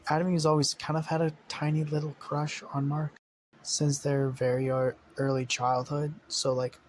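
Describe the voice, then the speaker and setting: A man's voice: on the high side, little pitch movement, normal speed, slight background noise, poor audio. Rambling man improvising a story. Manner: rambling, swearing, many fillers and self-corrections. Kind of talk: casual improvised story narration.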